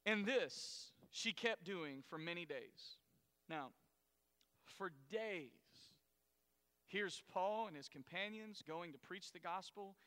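Preaching slowly in a big hall that gives his voice a long, ringing reverb, a pastor speaks in a high, bright, cutting tone that stays clean. His delivery is casual, punctuated by sudden loud bursts when he plays the story's characters.

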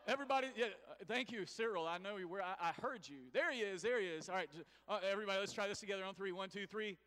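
A high-voiced pastor preaches an animated sermon in a church sanctuary, trading call-and-response with the congregation. He speaks at a quick pace, and the recording carries the long reverb of a church hall plus slight background noise.

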